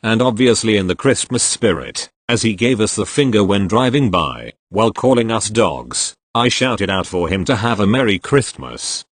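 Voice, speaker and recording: A man reading posts aloud in an expressive storytelling way. His voice is fairly low and moves a lot in pitch. The recording is dry and close, with no room sound. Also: normal speed, few pauses, no room sound. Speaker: story reader.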